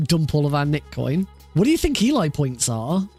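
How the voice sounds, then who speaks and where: Guy streaming a speedrun, kinda high voice, laughs constantly, swears casually, faint music under him. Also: sing-song, normal speed, a little mellow, breathy edge. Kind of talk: casual live-stream chat.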